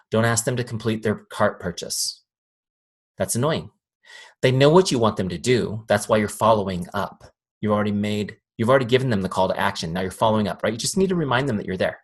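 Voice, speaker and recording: Male trainer, husky voice, energetic and chatty, talks to a live room. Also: on the low side, brisk. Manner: lively, acts out quoted voices, asks audience questions. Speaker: sales trainer.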